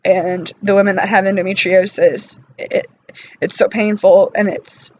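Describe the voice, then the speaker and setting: A woman talking in an unscripted personal vlog, weary and emotional from pain, halting and apologetic with many pauses and fillers. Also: mid-range voice, fairly even intonation, muffled recording, a little hiss or hum. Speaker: vlogger.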